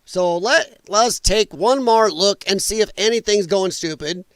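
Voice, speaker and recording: A man's voice: high voice, measured pace, a bit bright, no room sound. A middle-aged man hosting a casual political livestream, rambling and joking while reading chat aloud. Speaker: livestream host.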